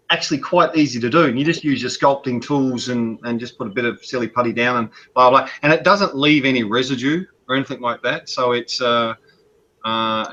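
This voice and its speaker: A man on an online hobby call, explaining his technique eagerly with quick stumbles and repeated restarts. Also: medium pitch, pushed and bright, muffled recording. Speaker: guest modeler. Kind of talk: casual video-call chat. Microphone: video call.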